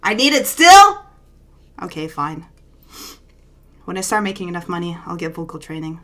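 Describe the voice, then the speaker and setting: A woman streamer chatting casually with her live chat, bubbly and self-deprecating, talking in quick bursts with giggles. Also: fairly low pitch, sing-song, fairly bright tone.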